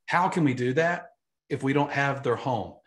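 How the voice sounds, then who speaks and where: A man, an insurance agency trainer, giving an emphatic, energetic live online training talk and repeating his key points. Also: mid-range voice, normal speed.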